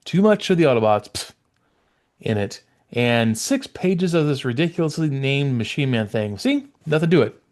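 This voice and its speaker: A man's voice: medium pitch, expressive, moderate pace, a little mellow, close to an everyday voice. A man voicing a haughty robot villain who looks down on humans, reading in a formal, disdainful way. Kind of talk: reading a comic page in character.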